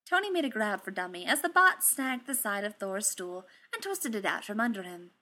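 A woman reading fan fiction aloud in steady storytelling narration. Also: medium pitch, moderate pace, hardly any pauses. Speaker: reader.

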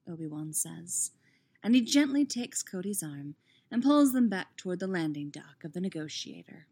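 A woman reading fan fiction aloud in a steady, expressive narration. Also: on the low side, moderate pace, husky. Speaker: audiobook reader.

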